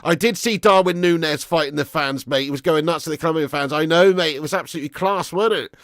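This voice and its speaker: A young man chats excitedly on a live stream, pitched a little high. His voice is close and dry, with no room sound. He bounces between banter with viewers and quick asides. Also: no echo. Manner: excitable banter, swearing, laughing with chat. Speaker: livestream host. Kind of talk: casual live chat.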